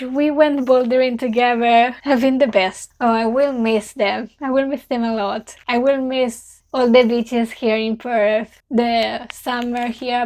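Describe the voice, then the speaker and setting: Earnest young Italian woman, bright voice. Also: on the high side. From Italy. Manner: earnest, heartfelt, simple non-native phrasing. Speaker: vlogger. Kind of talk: reflective farewell vlog.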